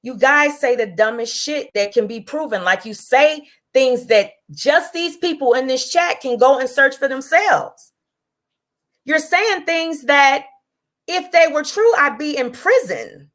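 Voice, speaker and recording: A woman's voice: sits high, lively intonation, fairly bright tone. A woman hosting a livestream, ranting angrily at a rival in a combative, profane way. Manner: combative, profane, drawn out then rushed. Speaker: livestream host. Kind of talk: angry livestream rant.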